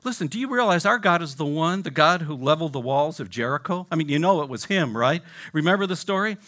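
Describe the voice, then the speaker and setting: A male pastor preaching a sermon, swinging from loud exclamations down to hushed near-whispers and checking in with "right?" and "I mean". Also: a little high, expressive, fast. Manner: repeats "right?" and "I mean" to engage listeners.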